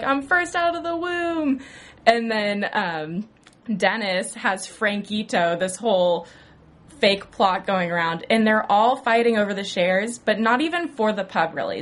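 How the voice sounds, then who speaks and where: A young woman hosting an aftershow, recapping an episode in a chatty way, full of "like" and "you know". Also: mid-range voice.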